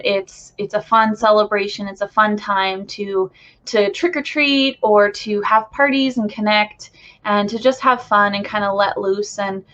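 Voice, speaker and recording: A woman's voice: medium pitch, a bit bright. A woman hosting a live stream as a spiritual channeler, talking casually to viewers with lots of fillers. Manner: chatty, loose, many fillers. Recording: dull lo-fi stream audio.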